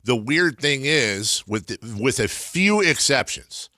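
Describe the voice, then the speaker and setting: An American man hosting a casual sports talk radio show in a studio, talking in animated, rambling asides. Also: medium pitch, takes it slowly, no echo. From United States.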